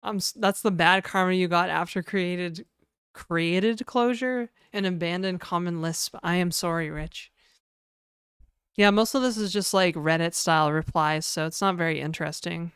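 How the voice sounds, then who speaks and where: Chatty woman streamer, smooth dry voice. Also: fairly low pitch, moderate pace, fairly bright tone, no echo. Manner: chatty, reads chat aloud, frequent fillers. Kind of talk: casual live-stream chat.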